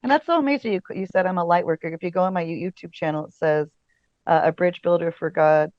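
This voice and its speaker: A chatty woman guest tells stories in a loose, easygoing way, full of fillers and quick laughs. Her voice sits at a middle pitch. The sound is dry and a little dull, as on a modest podcast setup. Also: no room sound. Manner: chatty storyteller, many fillers, laughs often. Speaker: casting director and podcast guest. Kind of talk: casual interview chat.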